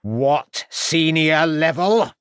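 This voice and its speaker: A man voicing a loud, formidable, buxom middle-aged landlady who booms and gives orders. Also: animated, extremely slow, smooth, no room sound, clean studio sound, full character voice. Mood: shouting. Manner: booming, bossy, dismissive.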